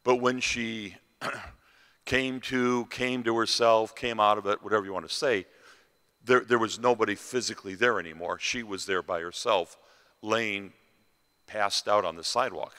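A man telling a dramatic story as a festival sermon, pausing and repeating phrases for effect. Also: lowish voice, fairly even intonation, bright, forceful tone. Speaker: festival speaker. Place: large hall at a festival. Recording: reverberant hall.

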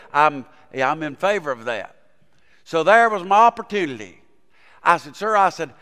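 Male pastor, folksy sermon delivery with fervent peaks, higher voice, reverberant church. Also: a bit bright, smooth. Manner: folksy storytelling, rising to fervent preaching. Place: church sanctuary.

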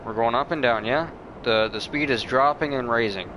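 Excitable young man gaming with friends. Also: medium pitch, moderate pace, noisy background. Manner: excitable, profane, teasing. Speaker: gamer. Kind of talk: casual gameplay chat with friends.

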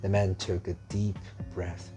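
A man narrating a children's story in a slow, measured reading. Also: low voice, flat delivery, warm tone, faint music behind.

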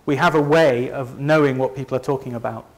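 Man, Leeds accent, Northern English, conference presentation, chatty, self-deprecating, mid-pitched voice. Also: fairly even intonation, brisk. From north of England. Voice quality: conversational, self-deprecating, frequent restarts. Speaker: company presenter. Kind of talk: conference presentation to a live audience.

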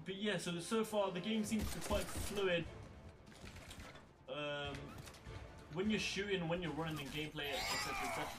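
A young gaming YouTuber gives loose, wandering commentary over his gameplay, his high-pitched voice moving at a normal pace with frequent pauses. He sounds worn out and curses whenever things go badly. Loud game music and sound effects play behind him.

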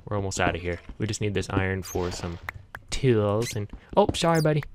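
A man's voice: lowish voice, lively intonation, brisk, a little hiss or hum. A man hosting a gaming channel, chatting to viewers as he plays, easily startled, with yelps and laughs. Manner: talks directly to viewers. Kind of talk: casual gameplay commentary.

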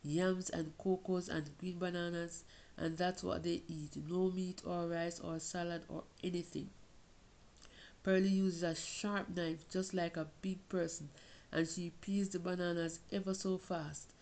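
Woman, storytelling read-aloud, low gravelly voice, mellow tone. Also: measured pace, rough recording. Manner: reads a child's letter-style narration, expressive in questions. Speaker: reader of a short story.

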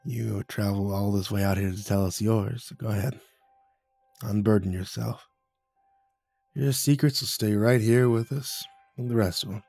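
A man playing a weathered farmer who speaks in a gentle, low, easygoing way. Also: fairly even intonation, moderate pace, vocal fry, breathy edge, no echo, soft background music. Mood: coaxing.

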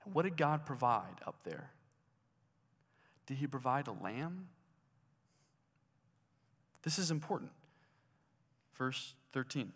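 A man delivers a sermon at an unhurried pace, stopping often to put questions to his listeners. His voice sits in the middle of the male range. A long reverb from a large hall trails every phrase. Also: mid-range voice, lively intonation, a bit bright. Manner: conversational, asks the listeners questions. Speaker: preacher.

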